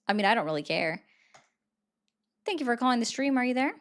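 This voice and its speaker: A woman hosts a live stream, chatting casually with viewers and callers. Her voice is high for a woman. She rambles and pokes fun at herself. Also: sing-song, fairly quick, fairly bright tone. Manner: chatty, self-deprecating, rambling. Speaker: livestream host taking callers. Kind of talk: casual livestream chat.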